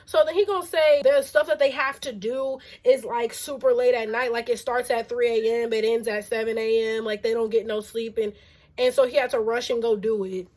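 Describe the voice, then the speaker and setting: High-voiced young woman telling a storytime. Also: fairly quick. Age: young adult. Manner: animated and exasperated, heavy use of "like". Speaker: vlogger. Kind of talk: casual storytime.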